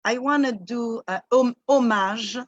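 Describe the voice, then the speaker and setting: A French-accented woman, a guest singer from Martinique, speaks earnestly in slow, halting English. Her voice sits fairly high and sounds dry and close. The lo-fi video-call audio dulls its clarity. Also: dry recording. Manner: halting, searching for words, earnest. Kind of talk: casual remarks on a video call.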